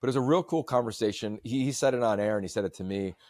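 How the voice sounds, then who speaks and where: A man hosting a podcast, telling stories in a long-winded, animated way. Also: lowish voice, rapid-fire, dry recording, studio quality. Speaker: podcast host. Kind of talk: casual chat.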